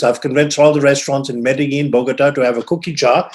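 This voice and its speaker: Guy giving a keynote at a symposium, storytelling mode, acts out the quotes, big pauses, regular mid pitch. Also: little pitch movement, darkish tone. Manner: dramatic storyteller, voices quoted people with rising emphasis. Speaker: symposium speaker. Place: conference hall.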